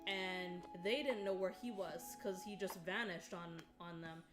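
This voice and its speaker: Co-hosting a stream, a woman with a fairly low voice quickly retells events in an exasperated, casual way, saying "like" again and again. Music plays clearly in the background of this storytelling chat.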